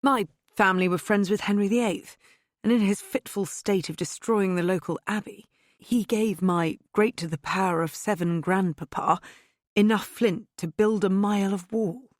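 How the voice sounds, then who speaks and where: Fields: Sex: man, read by a woman. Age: middle-aged. Figure: genteel aristocrat. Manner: polite, measured, reassuring. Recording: dry. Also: medium pitch, no echo, lightly acted. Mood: courteous.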